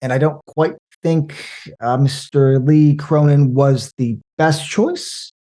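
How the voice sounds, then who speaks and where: A man talking casually about movies, rambling and animated, with frequent restarts. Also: on the high side, takes it slowly. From American Midwest. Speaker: podcast guest.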